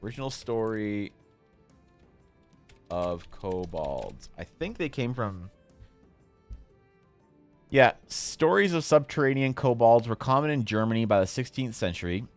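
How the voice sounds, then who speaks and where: A man streaming while he draws, chatting casually with his viewers in a jokey, mock-outraged way, with sudden loud bursts. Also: mid-range voice, lively intonation, a little slow, long pauses, faint music behind. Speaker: artist streaming while drawing. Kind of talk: casual livestream chat to viewers.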